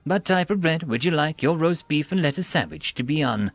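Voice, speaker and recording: A man's voice: a little high, lively intonation, a little fast, dry recording, faint music behind. A man voicing a smug, overly polite food-dispenser machine reading out menu choices and warnings. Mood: prim. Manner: prim, overly polite, scripted customer-service tone.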